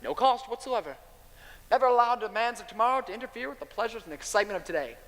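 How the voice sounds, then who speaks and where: A man playing a slick, smooth-talking traveling salesman in a stage musical, glib and persuasive. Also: very high voice, expressive, quick pace, a bit bright, heavily acted. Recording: stage with long hall reverb, faint noise.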